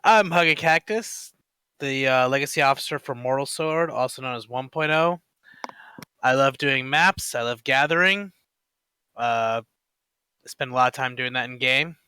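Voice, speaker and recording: Man, bright smooth voice, brief guild officer intro; dry sound. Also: mid-range voice, normal speed, no echo. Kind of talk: casual group call.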